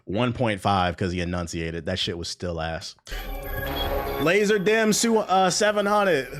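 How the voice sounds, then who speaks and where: A man's voice: mid-range voice, unhurried, fairly bright tone, soft background music. A man hosting a casual reaction show, giving blunt, profane verdicts on rap verses and often laughing. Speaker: host reacting to rap songs.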